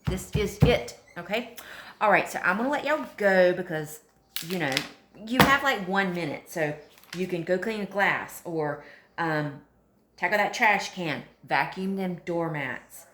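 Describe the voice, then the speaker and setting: A woman's voice: fairly low pitch, animated, measured pace, a bit bright, a little hiss or hum. A woman, chatting and joking to camera as a mom vlogger, full of sassy asides. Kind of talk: comedic casual chat to camera. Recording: roomy echo.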